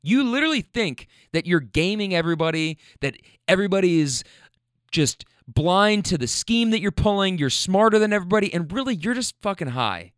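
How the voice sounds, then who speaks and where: Man, rideshare driver, blunt and profane storyteller, smooth voice, dry close sound. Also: sits high, sing-song, a little fast, dry recording. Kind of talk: casual storytelling.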